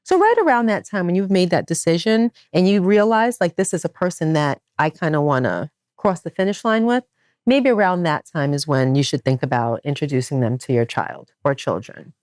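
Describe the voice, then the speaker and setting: Animated woman host with a low voice. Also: normal speed, no echo, clean studio sound. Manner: animated and emphatic, with wide swings in pitch. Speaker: podcast host. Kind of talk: casual podcast chat.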